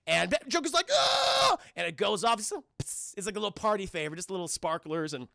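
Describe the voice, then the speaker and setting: Man, livestream recap, profane, animated, bright voice, very gravelly. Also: high-pitched, a little fast, no echo, studio quality. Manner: profane, animated retelling, addresses chat. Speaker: livestream cartoon reviewer. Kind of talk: casual livestream episode recap.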